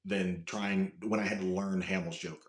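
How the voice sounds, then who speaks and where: A man with a raspy voice, chatting casually as a podcast guest and telling animated stories with a lot of swearing. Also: low voice, moderate pace. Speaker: guest, voice impressionist. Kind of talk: casual interview chat. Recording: roomy echo.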